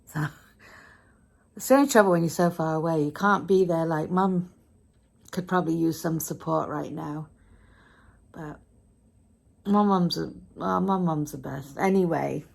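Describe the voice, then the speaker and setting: A woman's voice: fairly low pitch, a little slow, gravelly, long pauses, darkish tone. A tired British woman chatting casually through a day-in-the-life vlog at home, rambling and self-deprecating. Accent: British English. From Britain. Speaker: vlogger.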